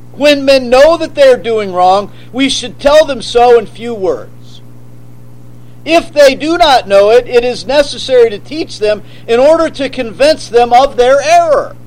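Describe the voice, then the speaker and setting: A man preaching a sermon, forceful and emphatic, asking rhetorical questions. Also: very high-pitched, rough recording. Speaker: pastor.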